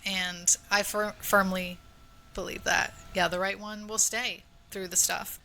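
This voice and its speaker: A woman co-hosting a podcast in open, casual talk, quick to laugh. Her voice is bright and sharp, with a faint hum of noise behind it. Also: mid-range voice, flat delivery, creaky, rough recording. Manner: warm, laughs often, open. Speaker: podcast co-host. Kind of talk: casual chat.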